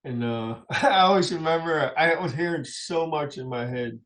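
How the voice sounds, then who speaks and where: A man's voice: on the high side, moderate pace, a bit bright. Chuckling man telling life stories. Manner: rambling anecdotes with frequent chuckles. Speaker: musician guest. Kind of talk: personal storytelling in a radio interview. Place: radio studio.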